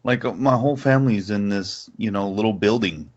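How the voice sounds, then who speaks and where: A man's voice: on the low side, a little fast. A man co-hosting a podcast in a casual chat, laughing easily and swearing offhand. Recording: dull lo-fi podcast audio.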